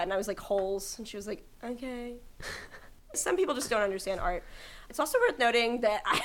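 A young adult woman co-hosting a podcast, gushing in casual chat about a movie she loved as a child and breaking into bits of song. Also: medium pitch. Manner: gushing, animated, bursts into sung snippets. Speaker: podcast co-host.

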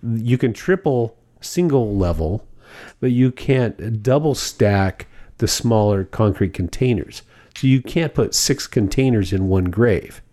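A man's voice: on the low side, animated, takes it slowly, mellow. A man co-hosting a podcast, casually explaining things at length. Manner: explains at length with fillers and restarts. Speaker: podcast co-host. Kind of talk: casual chat.

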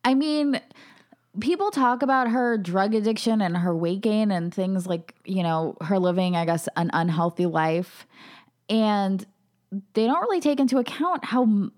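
A woman's voice: mid-range voice, lively intonation, a little slow, a little mellow. A woman co-hosting a podcast, talking casually with many fillers. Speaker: podcast co-host. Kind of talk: casual chat.

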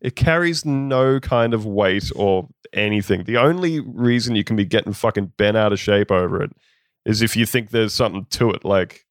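A man's voice: on the low side, normal speed, no echo. Casting: ranting male podcast host, dry close mic. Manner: swears, rants with exasperation. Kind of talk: casual chat.

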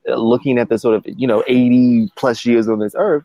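A man's voice: medium pitch, fairly even intonation, a little fast, warm tone, no echo, low-quality recording. A man chatting casually, laughing often and rambling with restarts. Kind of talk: casual chat.

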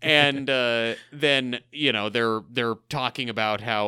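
Young guy cohosting a rewatch podcast, dry sarcastic jokes, bright clear voice. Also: medium pitch, steady tone, a little slow, few pauses, no room sound. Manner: wry, sarcastic humor. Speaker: podcast co-host. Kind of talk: casual podcast chat.

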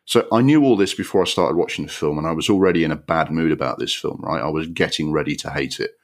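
Deep-voiced man ranting about a film. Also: quick pace. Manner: exasperated, sweary, ranting with rising pitch. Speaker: podcast co-host. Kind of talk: casual film review rant.

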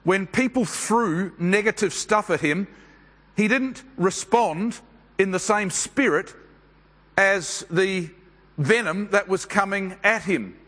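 A man preaching a sermon at a church service, speaking in a measured, unhurried way with pauses and fillers. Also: sits high, fairly bright tone, in a large hall.

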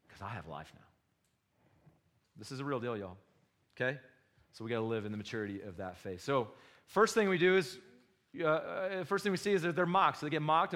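A man preaching a sermon to his congregation, passionate and full of rhetorical questions, swinging between loud bursts and hushed asides. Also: medium pitch. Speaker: pastor.

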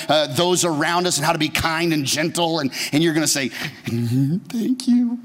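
A man's voice: a little high, fairly bright tone. A man, a pastor, preaching a humorous, conversational sermon and asking the congregation questions. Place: church sanctuary. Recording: long church reverb.

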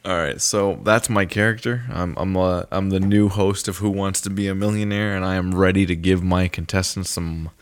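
Man, very deep voice, comedy podcast co-host, easygoing, steers the chat. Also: steady tone, normal speed, hardly any pauses, clear, resonant tone.

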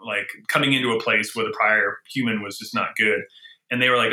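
A man who is a leader and author, talking casually, animated and thinking aloud with frequent restarts. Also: on the low side, a little fast, roomy sound, rough recording. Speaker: guest, engineering leader and author. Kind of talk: casual conversation.

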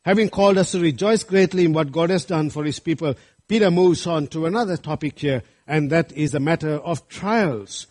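A man's voice: a little high, darkish tone. A man preaching a sermon, earnest and rising to fervent appeals to his congregation. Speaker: pastor.

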